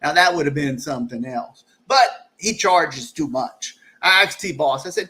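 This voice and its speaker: A man's voice: on the high side, expressive, a little slow, bright, forceful tone, breathy edge. Chuckling man hosting a live stream. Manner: jokey, chuckling, rambling asides. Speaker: livestream host. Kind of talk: casual live-stream chat. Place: home during a storm.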